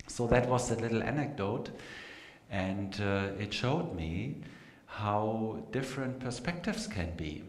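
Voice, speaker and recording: A man with a German accent giving an unhurried live talk to an audience, pausing often with fillers. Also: lowish voice, expressive. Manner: unhurried, hesitant with many fillers. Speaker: meditation teacher giving a talk. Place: meeting room with a live audience. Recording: echoey hall, faint noise.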